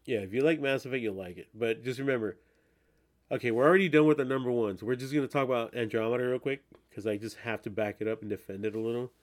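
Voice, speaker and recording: A man chatting on a podcast in a middle-pitched voice. He rambles and swears freely, often restarting his sentences as he talks. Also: fast talker. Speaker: podcast host. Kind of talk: casual chat.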